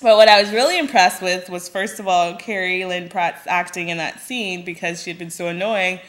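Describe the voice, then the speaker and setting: A woman's voice: on the low side, moderate pace. A young woman giving a casual commentary on a TV episode, chatty, laughing often and acting out quoted lines. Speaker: TV episode reviewer.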